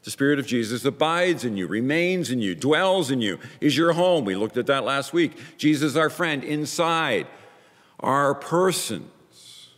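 A man delivers a sermon from the pulpit, repeating his phrases in pairs and swinging from quiet lows to emphatic peaks. His mid-pitched voice carries a long reverb from the church sanctuary around him. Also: lively intonation, measured pace. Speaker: pastor.

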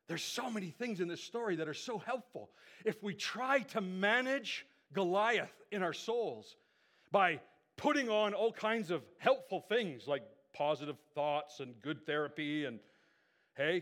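A man preaching a sermon, retelling a Bible story as an animated storyteller who checks in with his listeners. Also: on the high side. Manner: animated storyteller with conversational asides. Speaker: pastor.

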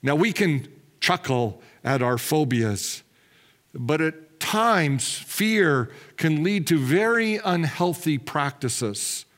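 A man delivering a sermon as pastor, candid and measured, slowing and dropping his voice on key words. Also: fairly high pitch, expressive, a bit bright. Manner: candid, self-deprecating asides with light laughs.

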